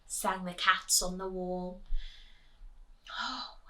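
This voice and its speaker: Lively woman storyteller, bright and slow-paced, reading to kids and slipping into whispers, in a distant, echoey recording. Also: medium pitch. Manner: animated, asks children questions, drops to whispers. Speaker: children's storyteller. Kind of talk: reading a picture book aloud to children. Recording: echoey room, distant mic.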